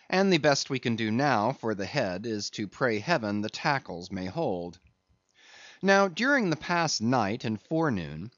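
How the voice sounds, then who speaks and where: A man narrating an audiobook of a classic novel in an expressive, dramatic reading manner. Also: mid-range voice, no echo, highs cut off.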